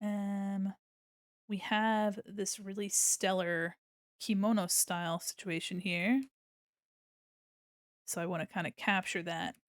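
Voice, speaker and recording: A woman's voice: medium pitch, steady tone, slow, long pauses, dry recording, studio quality. An American woman streaming her art, chatting casually and giggling as she thinks aloud while she draws. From United States.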